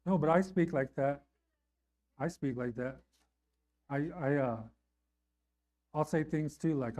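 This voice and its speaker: A middle-aged man preaching a sermon in a conversational way, often asking "right?" and rising in pitch and volume on emphatic lines. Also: takes it slowly, pauses often, a little mellow. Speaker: pastor.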